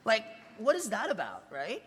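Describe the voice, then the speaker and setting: A man with a bright, forceful voice addresses a room of students. He fires off rhetorical questions with real emphasis. The sound carries a long hall reverb. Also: sits high, wildly swooping pitch, moderate pace, husky. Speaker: journalist giving a talk. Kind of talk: conference talk to students. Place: large convention hall.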